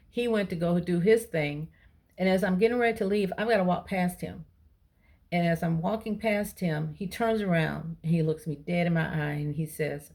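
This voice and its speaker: A woman, chatting to her viewers and retelling an everyday encounter with lively quoted dialogue. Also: fairly low pitch. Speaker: vlogger. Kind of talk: casual storytelling to camera.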